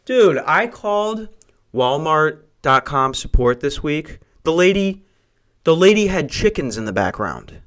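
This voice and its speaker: A man's voice: fairly high pitch, very animated, a little slow, fairly bright tone. A young man hosting a podcast, rambling through casual, profane, jokey stories. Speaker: podcast host.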